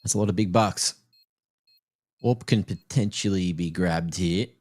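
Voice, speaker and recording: A man's voice: sits low, unhurried, a little mellow. A man casting a live esports match with play-by-play and playful, teasing asides. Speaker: esports caster.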